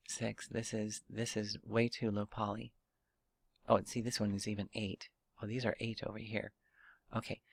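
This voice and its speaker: Guy rambling thru a 3d modeling tutorial, thinking out loud, um uh restarts, dry close sound. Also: medium pitch, no room sound. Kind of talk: casual screen-recorded software tutorial.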